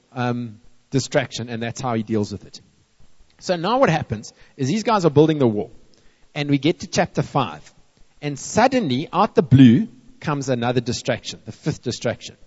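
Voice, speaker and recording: A man preaching a sermon to a church, acting out complaining people and playfully scolding them. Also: mid-range voice. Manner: lively, acts out moaning people and scolds playfully. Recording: dull, long-reverb hall.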